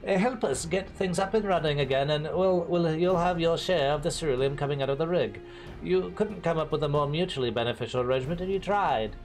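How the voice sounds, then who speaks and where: A man's voice: on the high side, fairly quick, faint music behind, pitched above the performer's own voice, lightly acted. A man voicing an earnest male factory supervisor with a monocle, speaking formally through a nasal voice. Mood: persuasive. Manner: formal, persuasive speech.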